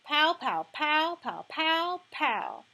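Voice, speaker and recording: Streetwise bossy girl, blunt and slangy, slightly high voice, read by a woman narrator. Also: lively intonation, normal speed, a bit bright. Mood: brash, bossy. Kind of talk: audiobook reading.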